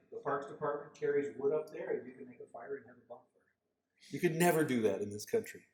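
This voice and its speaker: A man giving a guest lecture, telling lively anecdotes about a park design project. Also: on the high side. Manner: storytelling, animated quoted voices. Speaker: guest lecturer, landscape architect. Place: lecture hall. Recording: echoey lecture hall.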